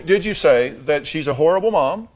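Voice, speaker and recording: A man's voice: fairly high pitch, animated, normal speed, a loud crowd. A man hosting a talk show, bluntly questioning a guest with dry humor.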